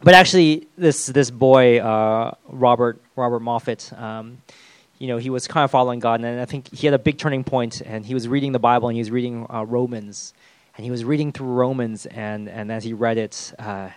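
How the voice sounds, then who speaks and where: A man giving a sermon in a plain, mid-pitched voice. He speaks haltingly and keeps restarting with fillers. The sound is dry and close. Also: fairly even intonation, clear, resonant tone, no room sound. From the West. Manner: hesitant, with many fillers and restarts. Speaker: preacher.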